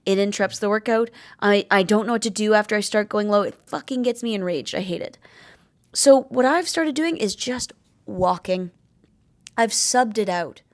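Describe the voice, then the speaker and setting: A woman's voice: mid-range voice, moderate pace. A young adult woman vlogger giving candid, blunt advice on living with chronic illness, swearing freely and stressing her points. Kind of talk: candid talking-to-camera advice.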